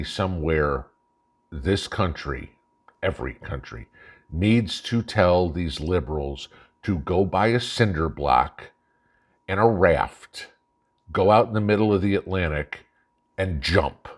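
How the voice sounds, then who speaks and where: A man's voice: low voice, lively intonation, takes it slowly, pauses often. A man hosting his own channel, delivering an angry, profane political rant, blunt and mocking. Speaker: channel host. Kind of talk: ranting political monologue.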